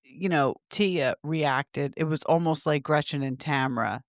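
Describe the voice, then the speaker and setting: Woman co-host, low voice, emphatic, dry close sound. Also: normal speed, hardly any pauses, dry recording. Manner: opinionated, emphatic, animated. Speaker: podcast co-host. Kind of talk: casual chat.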